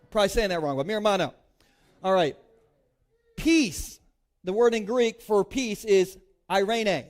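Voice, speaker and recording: A man in his thirties from Delaware, preaching to a congregation in a casual, joking way with lots of playful asides. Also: sits high. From Delaware, United States. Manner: chatty, peppers speech with "like", playful asides. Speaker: pastor. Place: church stage before a congregation.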